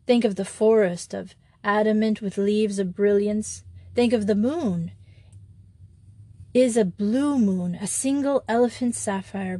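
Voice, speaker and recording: A woman voicing a small, mild male priest who talks in a calm, reasoned and earnest way. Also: mid-range voice, no room sound, lightly acted.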